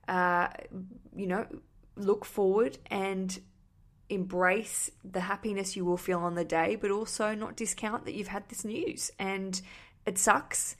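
A woman's voice: medium pitch, steady tone, unhurried. Chatty, ranty woman podcast host. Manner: chatty and ranty, swears casually, self-deprecating. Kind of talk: casual solo podcast chat, answering listener voice messages.

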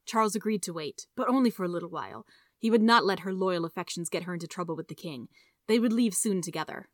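A woman reading a story aloud in a steady, measured narration. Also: on the low side, dry recording, clean studio sound. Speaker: audiobook reader.

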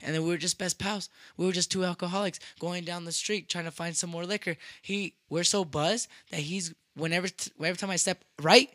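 A man's voice: high-pitched, steady tone, fairly quick, hardly any pauses, pushed and bright, dry recording, clean studio sound. A young man in his twenties telling a rambling, profane story in casual podcast chat, dropping in Spanish phrases. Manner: rambling, profane, with frequent restarts.

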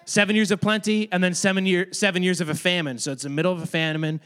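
A man's voice: high voice, steady tone, quick pace, a bit bright, clean tone. A man giving a casual, chatty Bible lesson to a room of kids, talking to them directly. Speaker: youth or kids' ministry teacher. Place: room with children.

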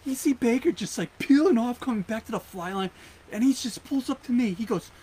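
A man co-hosting a podcast, telling stories in a rambling, animated way. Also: very high voice, fairly quick, husky. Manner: animated storyteller, rambling asides. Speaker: podcast co-host. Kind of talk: casual chat, storytelling.

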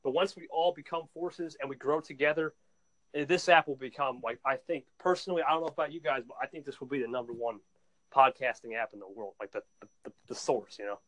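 A young man chatting excitedly on a podcast, laughing and repeating words as he tells stories. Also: medium pitch, fast talker, rough recording. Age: young adult. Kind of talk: casual chat.

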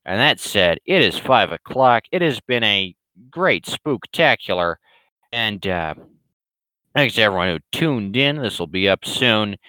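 A man hosting a casual livestream Q&A, rambling along in a deadpan, sarcastic way. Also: lowish voice, a little slow, dry recording, poor audio. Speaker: webcomic creator hosting a Q&A stream.

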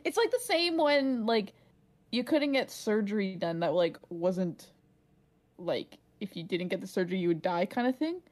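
A woman's voice: medium pitch, expressive, moderate pace, darkish tone. A woman in her twenties co-hosting a podcast in casual chat, rambling and filling her sentences with "like". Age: 20s. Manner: rambling, leaning heavily on "like". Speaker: podcast co-host.

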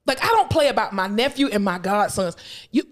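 Brash, lively-voiced woman podcaster. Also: mid-range voice, a little fast. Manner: brash, profane, laughing, animated. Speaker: podcast co-host. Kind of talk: casual chat.

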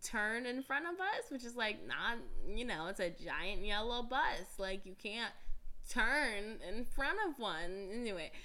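A woman's voice: fairly high pitch, big pitch swings, measured pace, sharp tone. A young woman hosting a podcast in a chatty, giggly, casual way, full of filler words. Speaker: podcast host. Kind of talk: casual chat.

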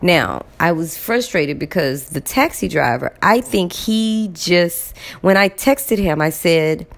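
A woman telling a personal story to her viewers in a casual, animated way, repeating words for emphasis. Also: lowish voice, slow pace, vocal fry. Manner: addresses viewers directly.

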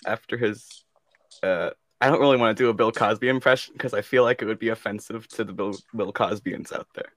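A man's voice: lowish voice, fairly quick, fairly bright tone, no echo. A man co-hosting a comedy podcast, chatting in an easygoing, slightly hesitant way. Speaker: podcast co-host. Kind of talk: casual comedic chat.

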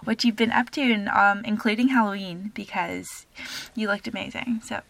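A Canadian woman co-hosting a casual podcast chat, friendly and quick to laugh. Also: medium pitch, fairly even intonation, gravelly, a bit bright, no echo. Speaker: podcast co-host.

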